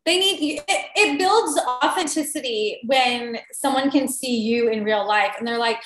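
Woman cohost chatting away, kinda high voice, echoey room. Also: normal speed. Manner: chatty, animated, self-deprecating. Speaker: podcast co-host. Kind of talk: casual chat. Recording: roomy echo.

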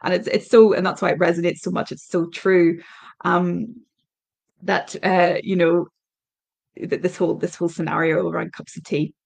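Gravelly-voiced Irish woman, unhurried podcast talk. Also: on the low side, level tone, a little mellow. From Ireland. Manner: thoughtful, hesitant with many ums and restarts. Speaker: parenting podcast host. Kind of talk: reflective solo podcast talk.

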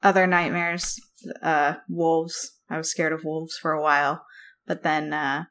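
With a deep voice and a slightly slow pace, a young woman shares lively stories as a podcast co-host. The chat is casual, and she laughs often as she talks.

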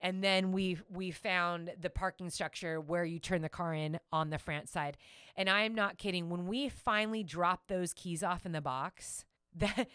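A woman's voice: lowish voice, normal speed, clear, resonant tone, no room sound, studio quality. A woman telling a travel story in casual chat, giggling and acting out quotes. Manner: animated, giggly, acts out quotes.

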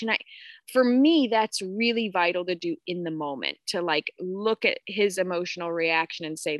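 A woman's voice: fairly low pitch, moderate pace, no room sound. Candid swearing woman, dry close sound. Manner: candid, swears freely, greets viewers. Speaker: podcast host. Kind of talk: casual spiritual live talk.

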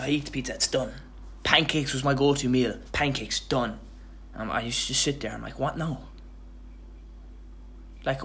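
A young man talks alone into his podcast mic, tired and loosely rambling. His voice sits at an ordinary middle pitch, and he starts sentences over and throws in casual swearing as he goes. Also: bright, forceful tone. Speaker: podcast host. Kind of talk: casual motivational monologue.

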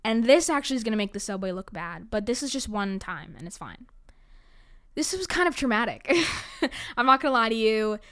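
A woman's voice: fairly high pitch, sing-song, a little fast, a bit bright, clear, resonant tone. A young woman from New York telling personal stories in a chatty, dramatic way, with frequent laughs and lots of "like" fillers. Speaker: storyteller. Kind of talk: casual storytelling monologue.

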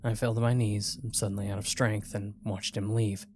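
A man's voice: lowish voice, little pitch movement, moderate pace, darkish tone, slight background noise. A man narrating a first-person horror story in a tense, dramatic way.

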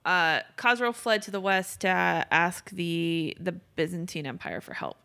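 A woman's voice: on the low side, takes it slowly, vocal fry, few pauses, sharp tone, smooth. A young woman casually retelling a stretch of history for a podcast, rambling, swearing and correcting herself as she goes. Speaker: podcast host telling history. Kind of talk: casual storytelling chat.

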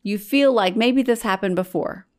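A woman co-hosting a casual talk show, chatting over drinks in a teasing, playful way. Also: mid-range voice. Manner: teasing, playful, quick to laugh. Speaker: podcast co-host. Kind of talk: casual chat while drinking.

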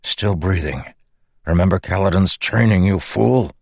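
A man voicing a gruff older soldier who mutters curtly. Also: low-pitched, a little slow, no room sound, full character voice. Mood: frantic. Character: gruff older male soldier, surly and ashamed.

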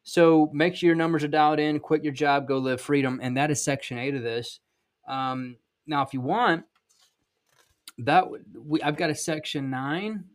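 A podcast host and sales trainer in his thirties from South Georgia, USA, speaks with a Southern accent, giving blunt, folksy advice in a casual monologue. He is emphatic, with many ums and restarts. His voice is a little high, steady in tone, at normal speed.

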